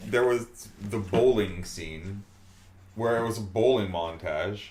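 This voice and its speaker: A man with a lowish voice retells movie scenes in a casual podcast chat, slipping into mock quotes as he goes. He sounds animated and incredulous. His voice bounces around a roomy, echoey space. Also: takes it slowly. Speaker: podcast co-host. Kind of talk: casual film-review chat. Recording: roomy echo.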